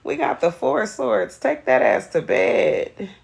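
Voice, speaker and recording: A woman's voice: mid-range voice, wildly swooping pitch, a little slow, creaky. A woman giving a live tarot reading, blunt and profane, greeting viewers by name. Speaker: tarot reader.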